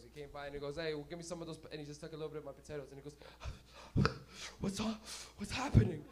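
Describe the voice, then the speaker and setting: A young man hosting a comedy night and telling stand-up stories in a loud, profane way, breaking into laughter, in a small club. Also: on the high side. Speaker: comedy host. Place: small smoky comedy venue.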